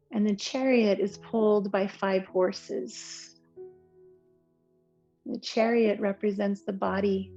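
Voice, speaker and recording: A woman yoga teacher giving slow, soothing, gentle cues through relaxation and breathing. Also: medium pitch. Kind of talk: guided yoga and relaxation instruction. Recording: slightly muffled recording with soft instrumental music.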